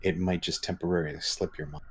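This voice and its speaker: A man narrating as dungeon master, describing scenes in an unhurried way with frequent fillers. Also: low voice, little pitch movement, slight background noise. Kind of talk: narrating a tabletop game.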